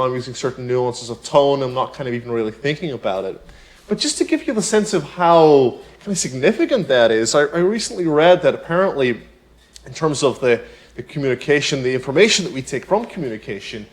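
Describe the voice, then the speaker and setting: A man teaching piano in a relaxed tutorial, talking chattily, with many "you know" asides and rhetorical questions. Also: mid-range voice. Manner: explains with everyday examples. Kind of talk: casual spoken tutorial.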